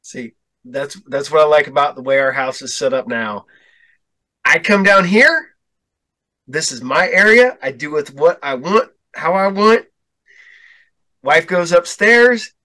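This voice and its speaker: A middle-aged man hosting a casual chat show, telling relaxed stories with easy laughs and free swearing. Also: a little high, measured pace, pauses often, rough recording. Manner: laid-back, chuckling storyteller, swears freely. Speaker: podcast host.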